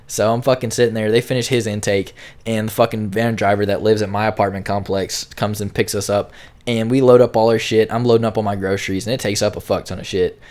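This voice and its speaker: A young man with a lowish voice rushes through a casual storytime, words tumbling out quickly. His telling rambles and is full of slang and swearing. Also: fairly even intonation, darkish tone. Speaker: storyteller vlogger.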